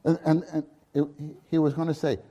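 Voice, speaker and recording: A man delivers a sermon with a slightly high voice, acting out quoted lines in loud, lifted bursts. His delivery is animated, with frequent restarts and repeated words between the quotes. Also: brisk, dull audio. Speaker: preacher. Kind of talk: sermon on scripture.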